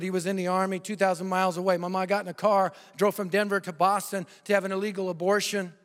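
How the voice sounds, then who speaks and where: A man preaching an evangelistic sermon, swinging from loud proclamation to hushed, intimate appeals to the listeners. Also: high voice, smooth. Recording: long hall reverb.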